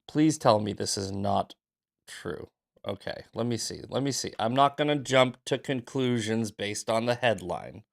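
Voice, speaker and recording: A man's voice: on the low side, measured pace, vocal fry. A man hosting a casual news commentary show, reading headlines with sarcastic, profane asides, just out of bed. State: just woke up. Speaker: host.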